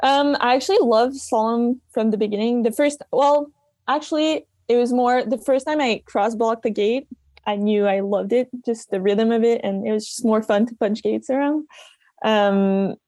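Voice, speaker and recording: A woman's voice: on the high side, moderate pace, no room sound, clean studio sound. Young woman chatting casually. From Quebec, Canada. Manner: relaxed and friendly, with filler words. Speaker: guest athlete. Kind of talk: casual interview chat.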